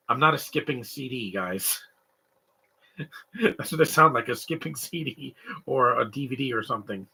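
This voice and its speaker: Bright, husky-voiced man rambling on a stream. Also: mid-range voice, moderate pace. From Canada. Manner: rambling, animated, mimics stutters and sobbing noises. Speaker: live stream co-host. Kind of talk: casual comedic chat.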